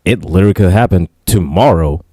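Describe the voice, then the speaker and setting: Very deep, mellow-voiced man chatting. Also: fast talker, no room sound, clean studio sound. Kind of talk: casual livestream chat.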